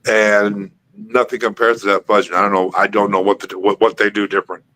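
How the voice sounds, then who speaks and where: A man hosting a casual live stream chat, talking in a relaxed way and often repeating words as he starts his sentences. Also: fairly low pitch, fairly quick, slight background noise, rough recording.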